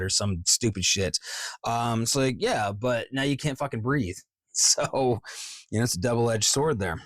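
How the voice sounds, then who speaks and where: A man's voice: medium pitch, unhurried, no echo. A man in his forties, a voice actor in a casual vlog, explaining script reading in a rambling, profane, self-mocking way. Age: 40s.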